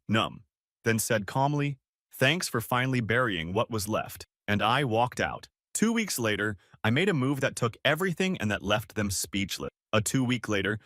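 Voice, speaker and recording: A man in his thirties tells a forum story aloud in a casual, confessional way. His pitch rises and falls a lot as he goes. The sound is close and dry, with no room echo. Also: a bit bright. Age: 30s. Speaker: story narrator. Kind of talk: reading a forum post aloud.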